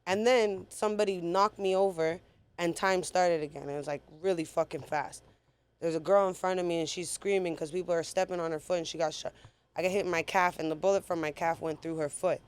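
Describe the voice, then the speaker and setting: A woman's voice: on the low side, fairly quick, clean tone. Blunt, profane woman telling her story. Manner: blunt, profane, animated retelling. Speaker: guest. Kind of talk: casual storytelling interview.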